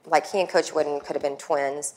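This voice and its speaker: Storytelling woman coach, fairly low voice. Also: a little fast. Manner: lively anecdotal storytelling with quoted voices. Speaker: guest coach. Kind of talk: storytelling talk.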